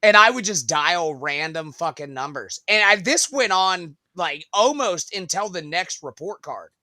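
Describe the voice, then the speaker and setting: A man's voice: sits high, lively intonation, unhurried, no room sound, clean studio sound. A man co-hosting a casual podcast, telling crude school stories with lots of swearing. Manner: profane storytelling, loud bursts. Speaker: podcast co-host. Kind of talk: casual chat.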